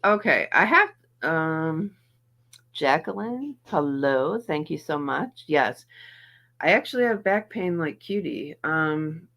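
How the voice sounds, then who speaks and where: A woman's voice: sits low, big pitch swings, slow pace, a bit bright. A middle-aged woman hosting a livestream, chatting casually and greeting her viewers by name while in some pain and feeling a little off. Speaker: livestream host reacting to videos.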